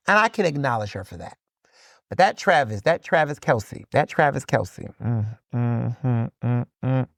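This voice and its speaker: Sassy, animated male podcast host. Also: on the high side, vocal fry, no room sound, studio quality. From Philadelphia, USA. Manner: animated, sassy, conversational, addresses listeners as "y'all". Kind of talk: casual solo commentary.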